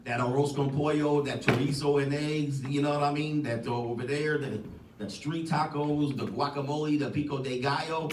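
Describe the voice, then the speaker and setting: A man's voice: a little high, steady tone, normal speed. A man hosting a casual livestream podcast, joking and rambling with frequent laughs. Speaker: podcast host. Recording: echoey, distant mic, loud noise.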